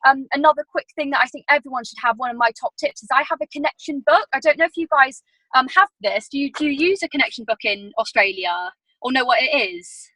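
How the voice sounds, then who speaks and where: A woman's voice: sits high, fast, pushed and bright, dry recording, rough recording. A young woman on a video call giving a casual training talk, chatty and full of "like"s. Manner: chatty, filler-heavy storytelling with many "like"s. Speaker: team leader giving sales training.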